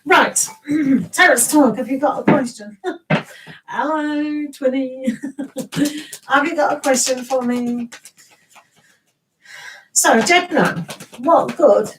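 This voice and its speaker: Chatty English woman with a higher voice. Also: slow, long pauses, recorded from a distance, a little hiss or hum, rough recording. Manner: chatty and rambling, greets viewers, laughs often, many restarts. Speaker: tarot reader hosting a live stream. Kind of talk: casual live-stream reading.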